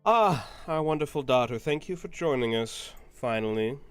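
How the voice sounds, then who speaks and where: A man's voice: mid-range voice, lively intonation, moderate pace, smooth, no echo, faint music behind, voice pushed up, close to an everyday voice. A man voicing a haughty, condescending noblewoman mother who talks in a prim, patronizing way. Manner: prim, patronizing, calls her daughter dear.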